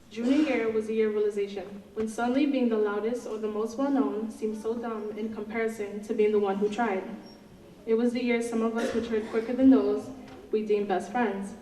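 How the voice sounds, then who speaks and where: A woman's voice: on the high side, dark tone. A teenage woman, the senior class president, reading her graduation speech in an earnest, slightly nervous way. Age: teens. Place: large auditorium. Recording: echoey hall from far off.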